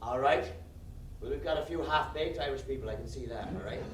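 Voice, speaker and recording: A man's voice: medium pitch, a little fast, background noise. A man performing a live comedy set with a guitar, teasing the audience and tagging his lines with "all right?". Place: live venue before an audience. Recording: roomy live room, mic from a distance. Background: guitar music.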